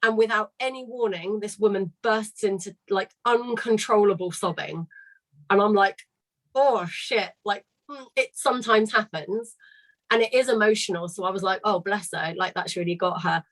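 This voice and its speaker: A woman's voice: medium pitch, normal speed, a bit bright, rough recording. Chatty woman choir leader. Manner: chatty, candid, swears casually. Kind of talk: casual storytelling on a live call. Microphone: video call.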